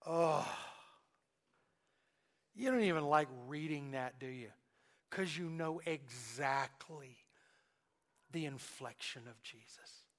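Dynamic male preacher, higher voice. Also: slow, pauses often. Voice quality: acts out quoted speech of Jesus and Peter. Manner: dynamic, swings between loud emphasis and hushed asides. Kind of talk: sermon.

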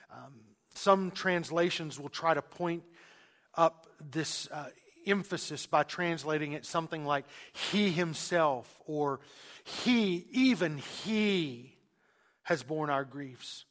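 Emphatic preaching man, higher voice. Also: fairly bright tone. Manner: emphatic preaching with repetitions and restarts. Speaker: pastor. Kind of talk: sermon.

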